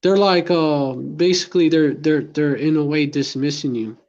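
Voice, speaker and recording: Earnest, preachy man, slightly high voice, reads scripture, muffled lo-fi call sound. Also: normal speed, a little mellow. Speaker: conversation partner. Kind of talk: casual chat with scripture reading.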